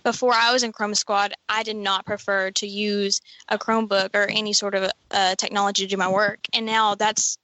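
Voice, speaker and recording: A teenage high school student speaking candidly about using technology. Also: female voice, little pitch movement, normal speed, hardly any pauses, bright, forceful tone, no echo. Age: teens.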